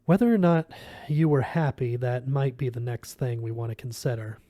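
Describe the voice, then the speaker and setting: A man's voice: mid-range voice, normal speed, dark tone, no room sound, clean studio sound, natural voice. A man reading aloud, voicing a blunt, chain-smoking older woman who talks brusquely and directly.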